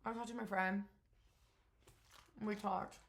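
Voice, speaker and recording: A young woman shares a loose, unscripted vlog update in a voice of ordinary middle pitch. She talks candidly and meanders, filling gaps with "um" and "like" and letting a swear word slip now and then. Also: fairly even intonation, slow pace, gravelly. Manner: candid, rambling, frequent fillers and swearing. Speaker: vlogger.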